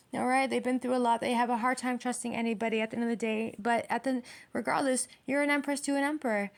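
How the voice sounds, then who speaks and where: A woman giving a casual tarot reading, talking bluntly with lots of swearing and emphatic rhetorical questions. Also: a little high. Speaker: tarot reader.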